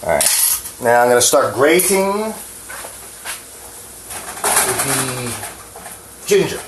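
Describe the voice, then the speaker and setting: Very animated and drawing out his words, a medium-pitched New Jersey man rambles through a casual cooking vlog at home, profane, candid and self-mocking, hands a bit shaky. Background noise and faint clatter fill the echoey kitchen.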